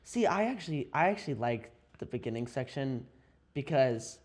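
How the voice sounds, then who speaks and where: Young male podcast host, easygoing movie chat, lively and quick to laugh. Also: mid-range voice. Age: young adult. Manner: animated, laughs often, many restarts. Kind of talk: casual chat.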